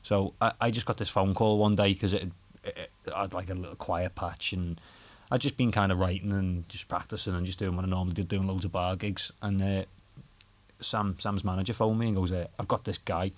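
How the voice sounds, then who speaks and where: A young adult man with a Scouse accent, a guest guitarist telling animated stories, laughing and swearing often in casual podcast chat. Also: low voice, a little fast. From Liverpool, England.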